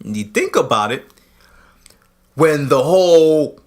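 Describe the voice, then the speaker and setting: A man co-hosting a podcast in casual chat, posing drawn-out rhetorical questions. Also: fairly high pitch, expressive. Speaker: podcast co-host.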